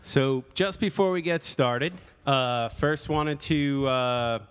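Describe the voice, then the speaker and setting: A man's voice: mid-range voice, slow pace, a bit bright, smooth, big-room sound. A man hosting a casual podcast chat, playful and jokey, laughing often. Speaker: podcast host. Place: studio in Brooklyn.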